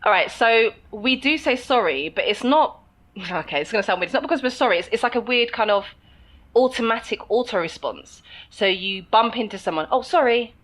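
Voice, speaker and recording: A woman from England with a London accent speaks in a slightly high, fairly bright voice, animated and brisk. She's co-hosting a podcast, chatting casually and laughing often.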